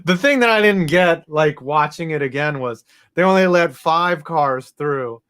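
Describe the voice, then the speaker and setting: A man's voice: on the high side, unhurried, a bit bright, smooth. Casual, joking sports-podcast man. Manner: loose, swearing, jokey asides. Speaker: podcast co-host reading listener comments.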